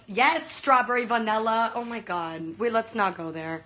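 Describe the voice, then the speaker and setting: A woman's voice: a little high, moderate pace, hardly any pauses, a bit bright, low-quality recording. A young woman from Venezuela chatting casually on a live stream, gushing and full of fillers, talking into a phone. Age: young adult. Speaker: livestreamer.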